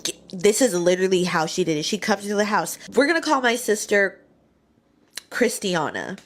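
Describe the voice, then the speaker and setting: A young woman tells a personal story in a casual, animated way, acting out the voices of the people she quotes. She speaks in a mid-range voice at a moderate pace.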